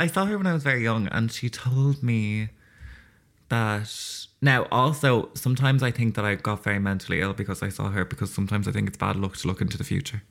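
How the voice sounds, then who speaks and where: A man's voice: medium pitch, gravelly, fairly bright tone. An Irish man co-hosting a podcast, telling a story in casual chat and laughing giddily as he goes. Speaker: podcast co-host.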